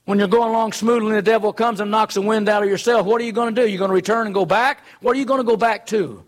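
A man's voice: high-pitched, fairly even intonation, fast talker. A man preaching a sermon in an earnest, conversational way, full of rhetorical questions.

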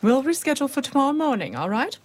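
A woman playing a vain, bossy company manager in an audio drama, brisk and self-important. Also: sits high, sing-song.

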